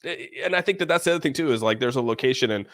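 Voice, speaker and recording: A man's voice: medium pitch, animated, racing, fairly bright tone, no room sound, clean studio sound. A man in casual podcast chat, blunt and profane, rambling with lots of restarts.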